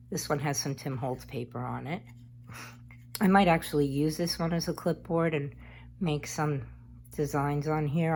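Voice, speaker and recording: Her voice sits low with a warm tone, and slight background noise is audible. She's a craft vlogger, rambling casually through a tutorial as she works on it.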